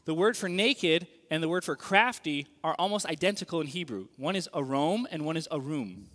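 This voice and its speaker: A man delivers a sermon with a fairly high voice that leaps and swoops in pitch. He talks in a casual, animated way and keeps checking in with his listeners. The sound carries the long reverb of a large hall. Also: fairly quick. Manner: animated, conversational, asks the audience questions. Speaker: pastor.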